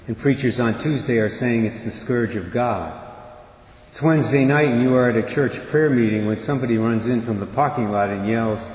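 A man preaching, telling a dramatic story as a sermon illustration and slowing for emphasis. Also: mid-range voice, a little mellow. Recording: echoey hall reverb.

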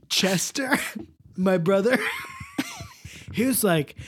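A man's voice: high voice, huge pitch swings, very slow, fairly bright tone, slightly rough, heavily acted. A man voicing a laid-back surfer-bro male teacher with a drawling, goofy delivery.

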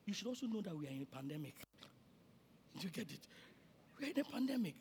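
A male pastor with a Ghanaian accent, preaching a sermon that swings between shouting and quiet, and he repeats himself often. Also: high voice, sing-song, quick pace, pauses often, slight background noise.

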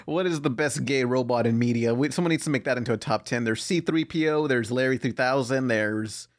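A woman's voice: extremely low pitch, a little fast. A young woman co-hosting a casual podcast chat, joking around and laughing a lot, slipping into silly mock accents. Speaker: podcast co-host.

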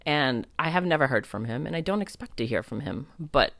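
A woman's voice: low voice, lively intonation, a little fast, creaky, fairly bright tone, no echo. Woman podcaster rambling through a story, lots of likes, reflective and spiritual, dead dry room. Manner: chatty, many "like" fillers. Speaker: podcast host. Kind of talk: casual storytelling monologue.

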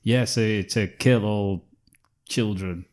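Lower-voiced joking man. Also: darkish tone. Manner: playful, quick to joke and tease. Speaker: podcast co-host. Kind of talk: casual comedic chat.

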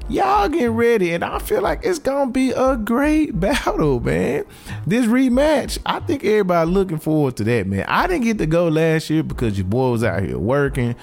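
Male reaction host, lively pitch swings, casual slangy delivery, faint music underneath. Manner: animated, slangy, talks straight to his audience.

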